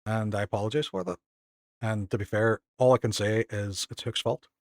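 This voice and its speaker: A Northern Irish man streaming a game live, chatting casually with viewers and thanking them, excitable and self-mocking. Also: lowish voice, moderate pace, creaky, dry recording, studio quality. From Northern Ireland.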